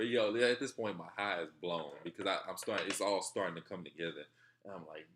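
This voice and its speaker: Deep-voiced young man telling a story. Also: fairly quick, fairly bright tone. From Texarkana area, southern US. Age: young adult. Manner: laid-back, rambling, laughs at himself, quotes his own thoughts. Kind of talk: casual personal storytelling.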